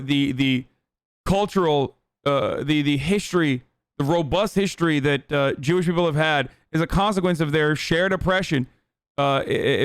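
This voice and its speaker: A man's voice: a little high, clear, resonant tone, no room sound, clean studio sound. A man hosting a livestream, giving heated, sarcastic political commentary with lots of swearing. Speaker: livestream host. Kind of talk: ranting political commentary stream.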